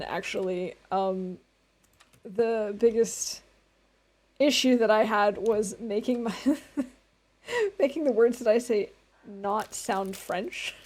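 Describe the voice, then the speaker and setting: A woman's voice: a little high, a little mellow. A young woman streaming a survival game from home, chatting casually with viewers and laughing often. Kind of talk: casual gameplay commentary.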